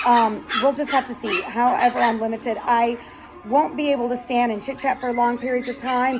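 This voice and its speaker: A woman's voice: fairly high pitch, low-quality recording. Chatty woman breeder, music behind. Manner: rambling, chatty, many fillers, coos at puppies. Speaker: dog breeder. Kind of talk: casual vlog chat. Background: background music, puppies.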